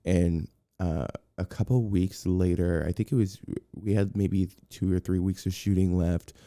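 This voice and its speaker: This podcast guest has a low voice and an unhurried delivery as he tells a story in relaxed chat. Lively throughout, he acts out quotes and frequently starts his sentences over, recorded at studio quality with no room sound.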